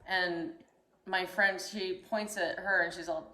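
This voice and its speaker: Animated young woman telling a story. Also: mid-range voice, unhurried. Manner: animated, acts out voices in her story. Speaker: storyteller host. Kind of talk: casual chat, telling a story. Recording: echoey room.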